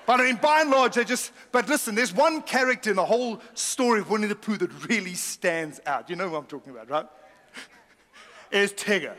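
A man's voice: high-pitched, fairly quick, in a large hall. A middle-aged man preaching a humorous sermon, telling stories with laughs and asides. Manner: lively storytelling with laughs and asides. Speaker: pastor.

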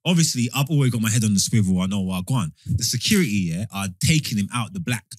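A man's voice: on the low side, fast talker, no echo, clean studio sound. A young man telling a story in casual chat among friends, acting out what people said. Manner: animated, acts out quoted lines.

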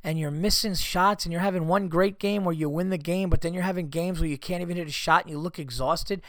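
A man's voice: high voice, steady tone, a little fast, a bit bright, dry recording, studio quality. A man hosting a podcast and ranting in a casual, profane comedic monologue while fighting a cold. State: has a cold. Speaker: podcast host.

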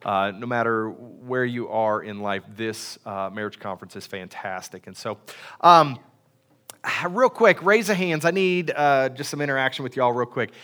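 A man's voice: mid-range voice, normal speed, sharp tone, smooth. A man preaching a casual, folksy sermon in a church, chatty and self-deprecating with many fillers. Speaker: pastor. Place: church sanctuary.

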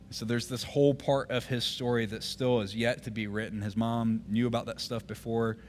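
Pastor preaching a sermon. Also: male voice, fairly low pitch.

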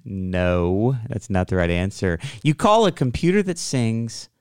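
A man co-hosting a podcast, chatting playfully with quick excited bursts. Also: fairly low pitch, clear, resonant tone. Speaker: podcast co-host. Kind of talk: casual chat.

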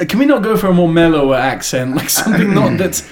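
High-pitched man, comedy podcast co-host, giggly and quick to defend himself. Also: expressive, crowd noise. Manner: defensive, laughs often. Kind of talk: casual comedy chat.

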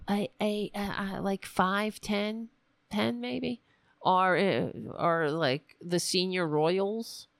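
A woman's voice: lowish voice, gravelly, no echo. A middle-aged American woman hosting a political talk stream from home, rambling and swearing, laughing often and chatting with her viewers. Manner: rambling, profane, laughs often, talks to chat. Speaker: political talk show host. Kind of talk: casual live-stream commentary.

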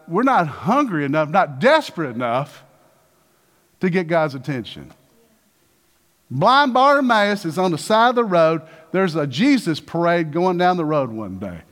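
Animated preaching man, lively high voice. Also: unhurried. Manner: animated, calls out to the congregation, acts out voices of Bible figures. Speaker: pastor. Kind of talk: sermon.

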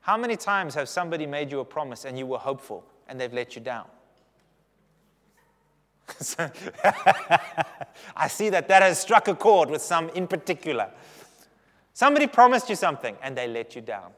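A man's voice: a little high, moderate pace, pauses often. Man preaching in a hall. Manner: humorous, animated preaching with audience asides. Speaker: pastor. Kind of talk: sermon. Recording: long reverb of a big hall.

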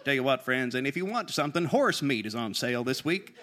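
An actor playing a folksy rural radio announcer who rambles and keeps saying "tell you what" in a live comedy radio sketch. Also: male voice, medium pitch, animated, brisk, sharp tone.

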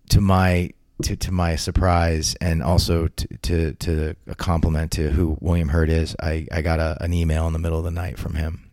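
Deep-voiced man telling a story. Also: darkish tone, no echo, clean studio sound. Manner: rambling, frequent restarts and repeated words. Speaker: interview guest. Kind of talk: casual anecdotal storytelling.

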